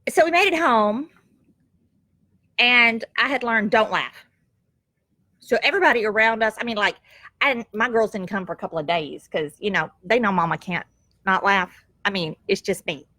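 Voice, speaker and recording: A middle-aged woman telling a family story on camera at home, lively and quick to laugh, with homespun phrasing. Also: mid-range voice, dry recording. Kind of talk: casual storytelling. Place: at home, goats nearby.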